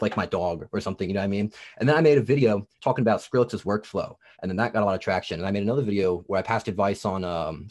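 A young man with a New Jersey accent, touched by a little Southern drawl, talks in a fairly low voice. He rambles as a podcast guest, stacking "like" and "you know" as he goes. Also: a little mellow. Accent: New Jersey, with some Southern US. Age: 20s. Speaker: guest producer and TikTok creator. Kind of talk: casual podcast interview.

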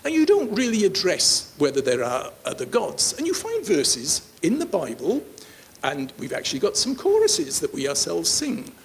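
A man pastor teaching a sermon, animated and joking with his congregation. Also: a little high. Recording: faint hiss.

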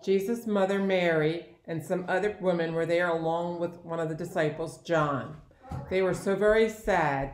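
A woman with a fairly low voice reads a story gently aloud for a church pageant. Her voice echoes in a roomy church. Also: slight background noise. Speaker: narrator.

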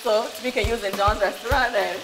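A woman's voice: on the high side, a little fast, fairly bright tone. A woman hosting a cooking talk show, upbeat as she steers the conversation and introduces the guests in a studio kitchen. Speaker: show host.

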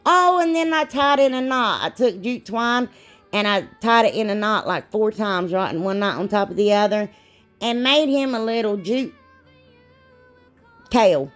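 A woman's voice: mid-range voice, animated, a little slow, a bit bright, faint music behind. A woman, chatting casually and rambling a little as she narrates a DIY craft video. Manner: chatty, rambling, laughs at herself.

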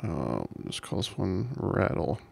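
A man's voice: deep voice, very animated, slow, vocal fry, darkish tone, a little hiss or hum. A man casually commenting while playing an old adventure game, reading game text aloud with amused chuckles.

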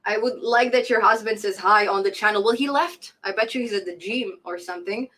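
A woman's voice: medium pitch, a little fast, a bit bright, rough recording. A woman in her thirties hosting a casual coding live stream, reading chat comments aloud, laughing often and repeating phrases for emphasis.

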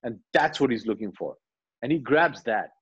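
A man, animatedly retelling film scenes in an interview and quietly acting out the lines. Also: medium pitch, normal speed, breathy edge, dull audio. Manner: animated storyteller, acts out dialogue lines quietly. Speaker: actor, interview guest.

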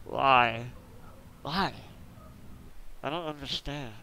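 A frustrated man commentating his gameplay, swearing constantly and swinging between muttered complaints and yelling outbursts. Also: mid-range voice, very slow, heavy background noise. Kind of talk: raging let's-play commentary.

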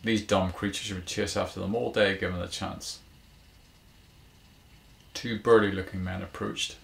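A man reading his own short story aloud in measured, even storytelling narration, in a small garden cabin. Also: low voice, vocal fry, echoey room.

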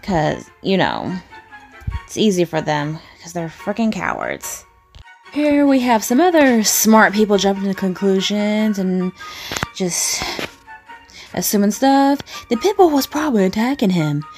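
A woman's voice: mid-range voice, very animated, unhurried, darkish tone, soft background music. A woman reacting to comments in casual commentary, blunt, indignant and profane. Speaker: video creator reacting to comments.

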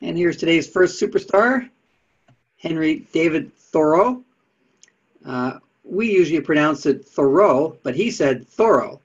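A man's voice: on the high side, husky. A man giving a casual lecture on history with slides, chatty, with dry asides. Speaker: presenter of talks on Unitarian history. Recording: dull lo-fi sound.

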